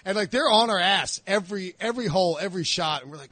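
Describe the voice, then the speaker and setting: A man hosting a podcast, telling a story in casual chat and acting out the shouted lines. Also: sits high, quick pace. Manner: animated storyteller, acts out shouted quotes. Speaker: podcast host.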